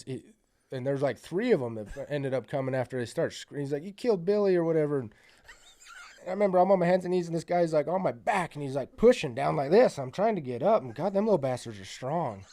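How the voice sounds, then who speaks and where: A man's voice: a little high, darkish tone. A man on a podcast telling a long story in a rambling, profane way, full of fillers. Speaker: podcast guest. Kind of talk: casual storytelling.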